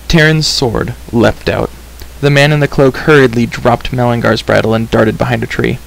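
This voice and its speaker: A male storyteller reads a children's book aloud in a gentle, unhurried way. His mid-pitched voice has a gravelly, creaky grain. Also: slight background noise, rough recording.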